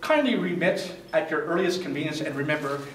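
A man's voice: fairly high pitch, animated, a little fast, lightly acted. A man playing a courteous, formal bank officer leaving a voicemail, in a stiff businesslike way, recorded from a distance in an echoey restaurant room. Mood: politely formal. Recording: echoey room, distant mic, background noise.

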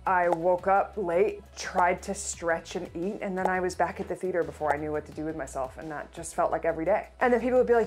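A woman's voice: on the low side, a little fast, hardly any pauses, darkish tone, slightly rough, faint music behind. A woman, hosting a casual baking tutorial, chatty and playful with jokey asides. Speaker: host of a baking show.

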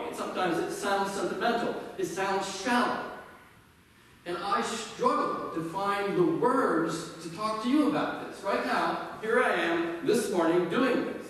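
A male pastor preaches a sermon in a church sanctuary, telling stories with conversational, self-deprecating humor. His voice sits high with a fairly bright tone. The recording is echoey and distant, with slight background noise.

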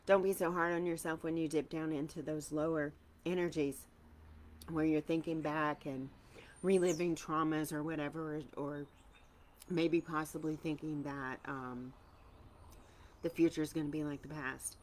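A woman with a low, husky-edged register runs a casual live tarot reading. She chats with viewers, fills pauses with ums, and fights a tickled throat. Her tone is warm and informal. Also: fairly even intonation. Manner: chatty, greets viewers by name, frequent ums. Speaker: tarot reader.

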